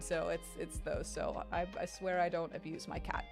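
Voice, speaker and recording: A young woman streamer chatting casually, telling an animated story and swearing freely. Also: on the low side, moderate pace, gravelly, few pauses, faint music behind. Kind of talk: casual chat.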